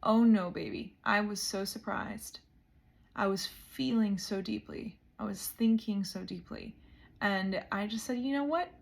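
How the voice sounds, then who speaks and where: A woman's voice: mid-range voice, fairly even intonation, a little slow, gravelly. A woman in her thirties recording a meditation video diary, earnest and emotional, her voice often falling to a near whisper. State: emotional, close to tears. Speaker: vlogger.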